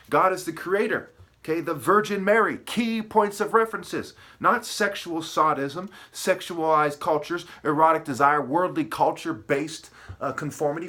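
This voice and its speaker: A man delivers a heated, rambling monologue straight to his viewers. His voice is bright and sits a little high, and he keeps breaking off with "okay?" and "right?" as he jumps from one charge to the next. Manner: agitated, profane, jumps between wordplay and accusations. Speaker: video commentator. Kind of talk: ranting monologue to camera.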